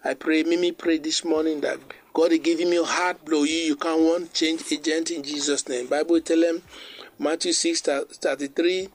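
A male preacher, delivering a sermon and reading scripture slowly. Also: fairly high pitch, steady tone, a little hiss or hum. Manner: preaches in a creole-mixed English, quoting scripture slowly.

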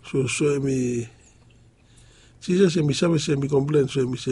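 Slow husky male preacher. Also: medium pitch, warm tone. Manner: halting, with frequent pauses and fillers. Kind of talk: sermon.

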